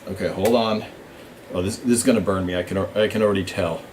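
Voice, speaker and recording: A man's voice: on the low side, brisk, slight background noise. A man hosting a casual live Q&A stream from a small studio, chatting with viewers, greeting them by name and thinking aloud with plenty of fillers. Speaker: show writer hosting a live fan Q&A stream. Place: small studio with a blue backdrop, in Hollywood.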